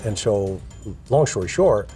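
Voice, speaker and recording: A middle-aged man telling a story in an interview, casual and relaxed, full of "you know" and "uh". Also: on the low side, a little slow. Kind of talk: casual spoken anecdote. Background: faint music.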